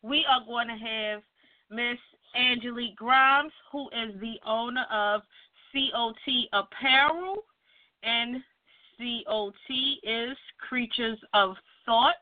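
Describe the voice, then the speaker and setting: A woman's voice: on the high side, slow pace, no room sound. A woman in her thirties hosting her own radio show in a chatty, playful way, teasing herself as she runs through event plans. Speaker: radio host. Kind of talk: casual radio chat. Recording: dry, tinny phone-like sound.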